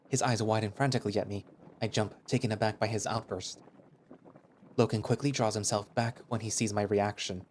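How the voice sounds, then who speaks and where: A man's voice: fairly low pitch, steady tone, a little fast, a little mellow, a little hiss or hum. A man reading a visual novel aloud in first person, with conversational, hesitant, flustered dialogue. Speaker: narrator.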